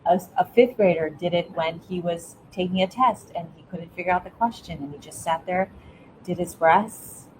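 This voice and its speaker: Against background noise, a middle-aged woman with a lowish voice appears as an interview guest. A former school principal, she offers earnest, encouraging parenting advice, restarting her sentences often.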